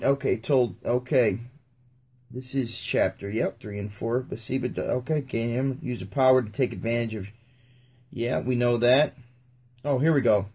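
Husky young man reading casually. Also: mid-range voice, lively intonation, measured pace. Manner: chatty, laid-back asides, often trailing off quietly. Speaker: video host. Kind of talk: casual scripture reading with commentary.

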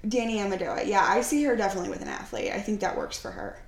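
A young woman talks loosely and fast-thinking, peppering everything with "like" and starting over mid-sentence. She sounds like a casual podcast co-host. The room around her is noticeably echoey. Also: medium pitch. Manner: rambling, heavy use of "like". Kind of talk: casual chat.

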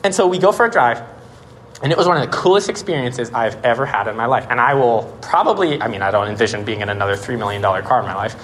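A young man preaches in a relaxed, chatty way and tells a personal story with growing excitement. His voice sits at an ordinary pitch and is full of "like"s. A faint hiss of room noise sits behind him. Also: fast talker. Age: 20s. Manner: animated storytelling, many "like"s. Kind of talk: casual sermon.

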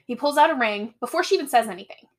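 A young woman co-hosts a podcast, her voice high-pitched, animated and very fast. She chats casually while recapping a movie's plot, acting out the characters' lines as she goes.

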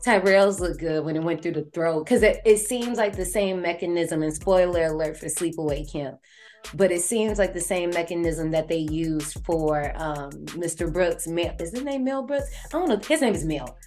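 A woman's voice: fairly low pitch, normal speed, darkish tone, soft background music. A woman co-hosting a film podcast, chatting casually, teasing and swearing freely. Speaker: podcast co-host. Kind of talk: casual chat and film review.

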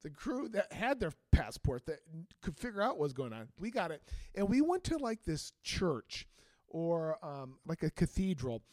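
A high-voiced man tells a story in casual chat, his pitch swinging widely as he acts out what people said. He is a teacher and band director. The sound is dry and close. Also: moderate pace, no room sound. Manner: animated, acts out quotes with big pitch jumps.

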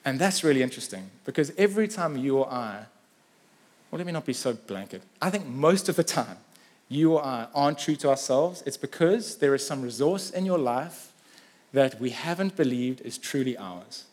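A man preaching a sermon, animated and rising to emphatic peaks, voicing biblical figures' challenges in a raised, slowed voice. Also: mid-range voice. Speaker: pastor.

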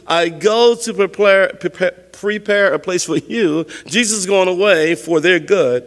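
A man's voice: high voice, big-room sound. A male pastor giving a sermon, preaching emphatically in a conversational way and often repeating words as he explains.

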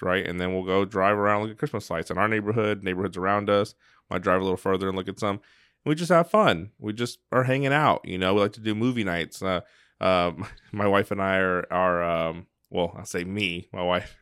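Smooth-voiced man chatting about family traditions. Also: deep voice, dry recording, studio quality. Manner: relaxed, uses many fillers like "like" and "you know". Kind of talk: casual conversation.

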